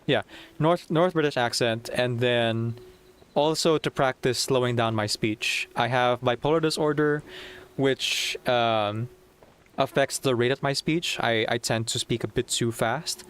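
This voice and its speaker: Excitable, giggly man playing a game. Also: mid-range voice, unhurried, clean tone. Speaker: game streamer. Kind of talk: casual gameplay commentary.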